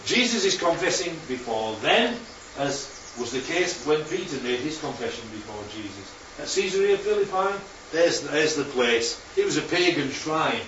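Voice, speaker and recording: A man's voice: a little high, big pitch swings, moderate pace, hardly any pauses, fairly bright tone, slight background noise. A man leading an informal Bible class with slides, who keeps checking in with his listeners. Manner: chatty, checks in with listeners often. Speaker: Bible study teacher. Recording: roomy, distant, muffled hall recording.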